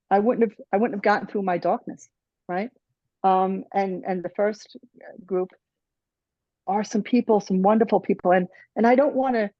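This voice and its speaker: A woman presenter giving personal closing remarks at a conference, halting and restarting often and checking in with "right?". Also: medium pitch, no echo. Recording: dull dry lo-fi sound.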